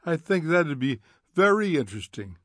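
A prim, gossipy society lady, nosy and coaxing, as a male narrator puts her on. Her voice sits higher and chatty, recorded close and dry. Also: very animated, normal speed, no echo.

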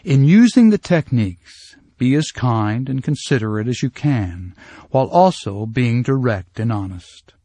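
Man, instructional narration, calm and measured, mid pitch, dry close sound. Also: dry recording. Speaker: self-help course narrator.

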